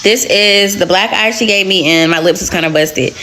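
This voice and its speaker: A woman's voice: medium pitch, normal speed, sharp tone, slight background noise. A young adult woman telling a personal story in a casual storytime vlog, candid, slangy and blunt.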